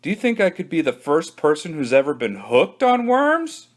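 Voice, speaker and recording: A man voicing an excitable, stubborn young boy who talks eagerly and shouts. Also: a little high, moderate pace, pitched above the performer's own voice. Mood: sheepish.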